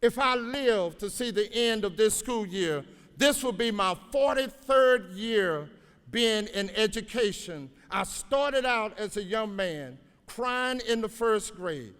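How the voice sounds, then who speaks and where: Older male educator, high voice, folksy motivational commencement speaker, long hall reverb. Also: lively intonation, slow, a bit bright, smooth. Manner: folksy storytelling, exhorting the crowd. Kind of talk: motivational graduation speech. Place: large auditorium.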